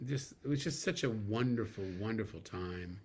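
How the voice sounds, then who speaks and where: A middle-aged man, a guest actor, telling animated stories in a casual interview, laughing now and then. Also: lowish voice, moderate pace, slightly rough.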